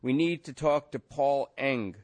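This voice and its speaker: A man voicing a male police detective who talks slow, loud and flat. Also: fairly high pitch, voice pushed up. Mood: blunt.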